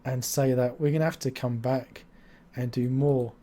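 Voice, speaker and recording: A man's voice: medium pitch, fairly even intonation, normal speed, mellow. Chatty, jokey male stream host. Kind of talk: casual live-stream interview.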